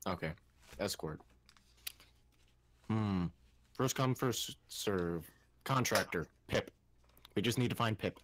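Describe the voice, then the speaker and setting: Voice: low-pitched, expressive, slow, pauses often. A player in a tabletop game, joking around and making goofy in-character asides. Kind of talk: playing a tabletop game live.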